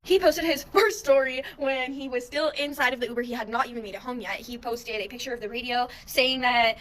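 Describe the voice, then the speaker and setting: A young woman telling a wild personal story in a casual monologue, animated, exasperated and full of swearing. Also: on the high side, fairly quick, a little hiss or hum, poor audio. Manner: animated, profane, exasperated retelling.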